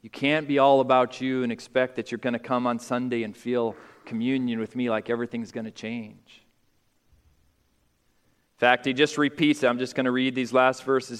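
A male pastor preaching a sermon, climbing to loud, high emphatic peaks and then dropping quiet. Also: little pitch movement, moderate pace, clear, resonant tone. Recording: long hall reverb.

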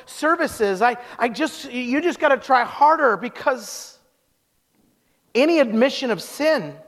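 Emphatic male preacher with a very high voice, telling stories; church sanctuary with long reverb. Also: expressive, measured pace, a bit bright. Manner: emphatic, rhetorical questions, vivid anecdotes. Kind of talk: sermon.

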